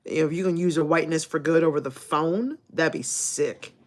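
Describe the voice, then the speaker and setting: A woman's voice: low-pitched, moderate pace, slight background noise. A woman live streaming who chats casually with her audience, swears freely and laughs often. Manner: laughs often, profane and animated.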